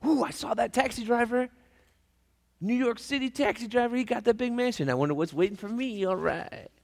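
A man's voice: very high voice, a little fast, long reverb tail, pitched above the performer's own voice. A man voicing an eager, easily offended preacher in a heaven joke. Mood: excited. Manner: excitable and indignant.

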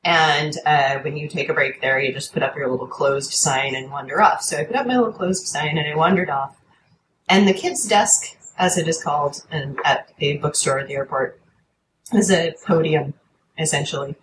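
A woman telling an animated anecdote in casual chat, swearing freely and acting out quoted lines in a higher voice. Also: moderate pace, reverberant, a little hiss or hum, low-quality recording. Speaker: storyteller guest.

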